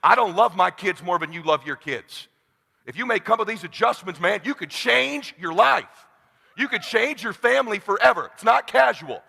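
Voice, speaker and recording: Forties male sales coach, high and raspy, tense delivery, shouts then hushes, big reverberant hall. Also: lively intonation, normal speed. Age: 40s. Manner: blunt, swings from hushed to shouting. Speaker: sales trainer. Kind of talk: motivational seminar speech.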